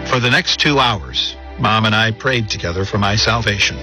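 A man's voice: on the low side, moderate pace. A man earnestly narrating his own past in a reflective personal testimony. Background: music.

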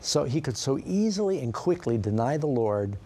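A man's voice: mid-range voice, very animated, moderate pace, dark tone, slight background noise. A middle-aged man preaching as a pastor, telling the story conversationally and asking his listeners questions. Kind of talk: sermon.

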